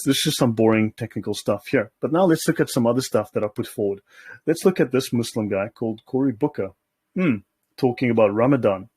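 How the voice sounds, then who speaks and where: A man's voice: mid-range voice, a little mellow, breathy edge, no echo. A man hosting, reading documents aloud and commenting on them in a casual, sardonic way, often checking in with his listeners. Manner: sardonic, keeps checking in with "okay?". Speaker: host.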